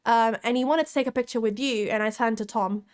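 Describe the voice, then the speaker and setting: A young woman from Italy telling an excited story to camera as a vlogger, often laughing and restarting her sentences. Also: fairly high pitch, fast talker, clean tone.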